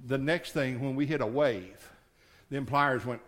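A middle-aged male pastor preaching a sermon in a church, folksy, moving between quiet storytelling and shouted climaxes. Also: mid-range voice, a little slow, a little hiss or hum.

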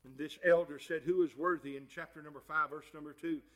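A man preaching a fervent sermon. He moves from quiet, folksy asides to shouted passages and calls his listeners "my friend" and "honey.". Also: fairly high pitch, steady tone, brisk, low-quality recording.

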